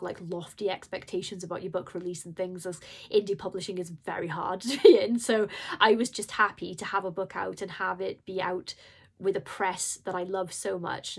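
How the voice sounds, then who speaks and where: A woman who is an indie horror author, talking casually to camera in an emotional, rambling and apologetic way. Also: mid-range voice. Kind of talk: casual vlog talk.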